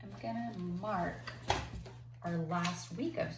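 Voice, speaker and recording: A woman teaching kindergarten remotely from home, speaking slowly and patiently in simple words for young children. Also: fairly low pitch, echoey room, very noisy. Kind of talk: remote class lesson.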